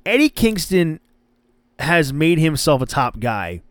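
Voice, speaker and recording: A man's voice: a little high, very animated, slow pace, dry recording. Rambling man hosting a wrestling podcast. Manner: rambling, stumbles and restarts, mimics wrestlers' lines. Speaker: podcast host. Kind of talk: casual wrestling podcast commentary.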